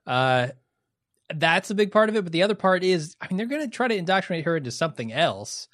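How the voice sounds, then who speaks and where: A man's voice: high voice, sing-song, quick pace, a bit bright, dry recording, clean studio sound. Laid-back Midwestern man recapping TV. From American Midwest. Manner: laid-back, profane, laughs often. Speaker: podcast co-host. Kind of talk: casual TV recap chat.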